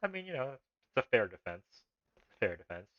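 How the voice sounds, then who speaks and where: A man's voice: mid-range voice, big pitch swings, fairly quick, no room sound, phone-quality sound. A man streaming a text adventure live, reading the game's text aloud and making rambling, laughing asides.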